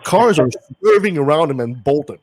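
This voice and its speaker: A man's voice: a little high, normal speed, no room sound. Dry-sounding man, chatty podcast host. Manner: animated anecdote telling with laughs and restarts. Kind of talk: casual chat.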